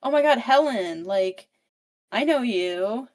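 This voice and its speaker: A woman's voice: on the high side, animated, slow, pitched above the performer's own voice. A woman doing a bubbly, tipsy young heroine. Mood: pleading. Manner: bubbly and sing-song.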